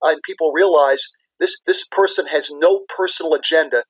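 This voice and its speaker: A man's voice: fairly high pitch, normal speed, slightly rough, no room sound, poor audio. A man, a business leader and former CFO, answering interview questions in an earnest, explanatory way, repeating key words for emphasis.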